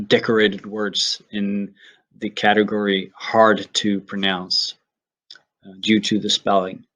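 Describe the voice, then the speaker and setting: Guy from sweden teaching english words, slow and careful, lowish voice. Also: fairly bright tone. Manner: slow, careful word-by-word demonstration. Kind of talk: pronunciation lesson.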